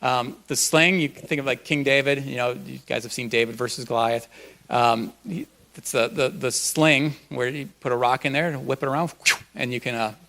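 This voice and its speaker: A man's voice: medium pitch, steady tone, normal speed, vocal fry, fairly bright tone. Folksy, conversational male pastor. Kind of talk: sermon. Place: church.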